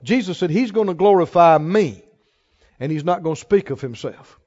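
High-voiced man preaching a sermon. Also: expressive, moderate pace, darkish tone. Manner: call-and-response preaching, leads the congregation in repeating lines; rising, exhorting rhetorical questions. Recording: long hall reverb, dull lo-fi sound.

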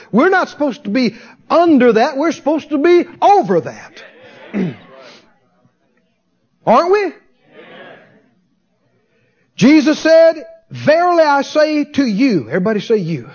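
A man preaching a sermon, animated, with shouts and call-and-response to the congregation. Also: high-pitched, moderate pace, slightly rough, lo-fi sound.

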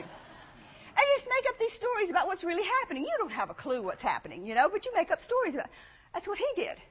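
A woman's voice: high voice, very animated, fast talker. A woman preaching a sermon in a conversational way, asking rhetorical questions and reading scripture. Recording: dull lo-fi sound, long hall reverb.

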